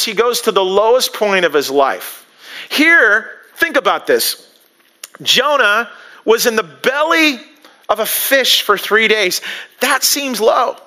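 A man preaching a sermon, acting out quoted lines with animated rising emphasis. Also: very high voice. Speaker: pastor.

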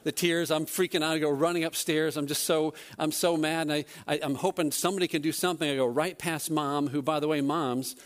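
A man's voice: on the high side, a little fast, hardly any pauses. Self-deprecating male church elder telling a story. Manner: self-deprecating, animated storytelling with acted quotes. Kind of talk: personal story in a church service.

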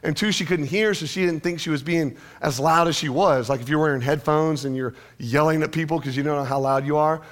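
Man, pastor, sermon, conversational, joking asides, slightly high voice, church. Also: a little fast, few pauses.

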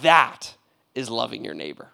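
A male pastor preaching a sermon in a casual, animated storytelling manner, with plenty of slang. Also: medium pitch, moderate pace, gravelly.

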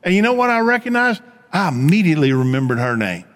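A man preaching a sermon as pastor, telling stories in a conversational way and dropping to a hush on key points. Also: fairly high pitch, fast talker, big-room sound. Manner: conversational storytelling preacher, swings from animated to hushed.

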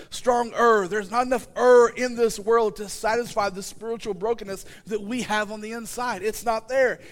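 A man preaching a sermon, animated and emphatic, full of repeated rhetorical questions and rising to shouts. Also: sits high. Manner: animated, acting out the disciples' voices, rising to shouts.

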